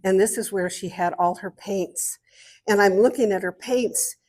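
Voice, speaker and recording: An older woman and guest artist speaking to an art club, telling lively stories and showing objects as she talks. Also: medium pitch, moderate pace. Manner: lively storyteller, showing objects while talking. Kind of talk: storytelling talk to an art club.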